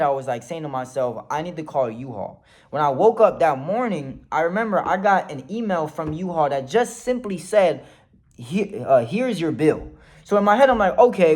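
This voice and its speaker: A man telling a personal story to his viewers in a casual vlog, animated and swearing freely as he acts out what people said. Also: fairly high pitch. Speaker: vlogger.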